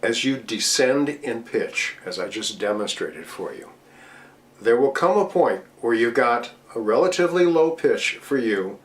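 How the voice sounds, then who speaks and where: Slow-talking middle-aged male voice coach. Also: medium pitch, lively intonation. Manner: patient, explanatory, demonstrates with his voice. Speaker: voice coach speaking to DJs. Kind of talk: instructional talk at a virtual convention.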